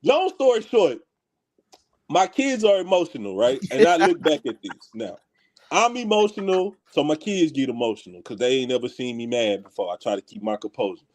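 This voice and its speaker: A man from Houston telling a story in casual talk with friends, animated and slangy, laughing as he goes. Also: medium pitch, normal speed. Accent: Houston, Texas. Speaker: podcast co-host.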